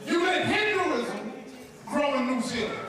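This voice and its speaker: A man preaches with fiery conviction, stopping after each phrase so his words can be translated. His voice sits unusually high. He sounds distant from the mic, in a cavernous hall full of people. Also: sing-song. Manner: fervent and shouting, pausing for translation. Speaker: guest preacher. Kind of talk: preaching with an interpreter. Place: large church hall. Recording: echoey hall, far from the mic, crowd behind.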